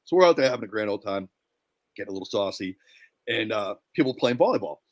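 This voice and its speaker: A man's voice: lowish voice, lively intonation, fast. A man in his twenties, a podcast co-host, telling a rambling, profane party story in casual chat.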